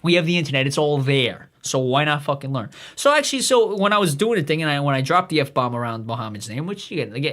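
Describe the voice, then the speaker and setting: A man's voice: fairly high pitch, fairly bright tone. A man hosting a livestream, rambling through a profane monologue full of restarts and asides. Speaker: livestream host.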